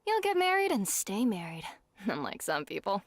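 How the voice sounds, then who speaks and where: A woman voicing Miss Arisugawa, a gentle and wise older female performer, in a comforting, theatrical manner during a tabletop role-play. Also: medium pitch, huge pitch swings, a little slow, no room sound. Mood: consoling.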